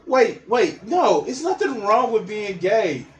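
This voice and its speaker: Guy ranting over a clip, swearing a ton, high voice bouncing all over, takes his time. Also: very animated, slow, a little hiss or hum. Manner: mocking, blunt, swears a lot, laughs at the clip. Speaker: video commentator reacting to a documentary. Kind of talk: profane reaction commentary.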